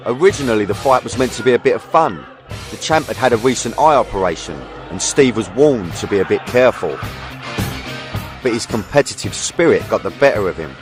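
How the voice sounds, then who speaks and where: Brief: male voice-over, lowish pitch, dramatic first-person narration over music. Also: lively intonation, fairly quick.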